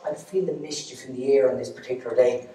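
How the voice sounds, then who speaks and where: An Irish man doing live stand-up storytelling in an arts centre, animated and laughing at his own jokes. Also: medium pitch, fast, over music. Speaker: stand-up comedian. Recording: echoey hall, distant mic.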